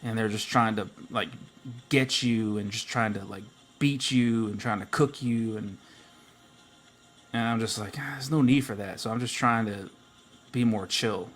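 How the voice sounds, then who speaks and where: Bright-voiced teasing male streamer. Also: lowish voice, steady tone, measured pace, pauses often, faint music behind. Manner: teasing, joking, full of "like" fillers. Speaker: livestream host. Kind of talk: casual livestream chat.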